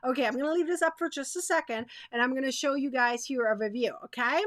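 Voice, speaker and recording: A woman's voice: high-pitched, fast, no echo. A woman hosting a live crochet stream, chatting straight to her viewers in a bubbly way, repeating herself and laughing often.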